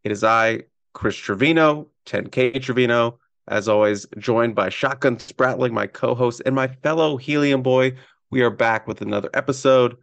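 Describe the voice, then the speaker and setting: A man hosting a casual sports podcast, talking in an excitable, rambling way with a hoarse, strained voice. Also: medium pitch, moderate pace, no echo. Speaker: podcast host.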